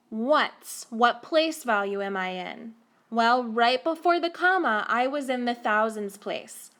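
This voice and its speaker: A woman teacher explaining a math lesson to children slowly and carefully, recorded on a tablet. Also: a little high, a bit bright.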